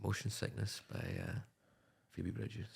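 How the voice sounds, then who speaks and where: A man co-hosting a casual podcast chat, deadpan and dry, swearing casually. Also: lowish voice, unhurried, gravelly, husky. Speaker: podcast co-host.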